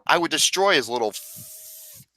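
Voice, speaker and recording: Man, podcast host, loud profane rants, lively swinging pitch, bright edge, dry close sound. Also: unhurried, dry recording. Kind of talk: casual chat.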